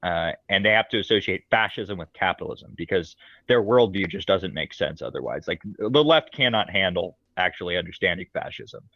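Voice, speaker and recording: A man with a very low voice talks animatedly in a casual podcast discussion, laughing easily and thinking aloud. His mic sounds dry and a little dull. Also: expressive, brisk, sharp tone, no echo.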